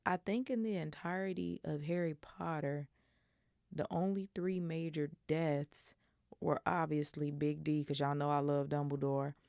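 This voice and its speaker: Chicago lady reading a book on her podcast, low gravelly voice, dry close mic. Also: fairly even intonation, unhurried, darkish tone, no echo. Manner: blunt, profane, chatty. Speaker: podcast host reading aloud. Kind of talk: casual book-club reading and chat. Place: home, seated in a squeaky chair. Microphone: studio microphone.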